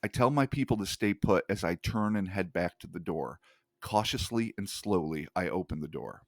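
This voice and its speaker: A male podcast host reading an account aloud in a hushed, measured way, with casual swearing in his asides. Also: deep voice, expressive, no echo.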